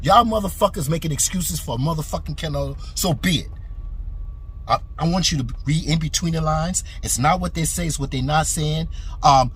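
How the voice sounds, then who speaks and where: A man's voice: on the high side, a little fast, a bit bright, slight background noise. A man hosting a boxing commentary channel, delivering a heated, profane opinion rant to camera. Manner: heated, aggressive, repetitive and profane.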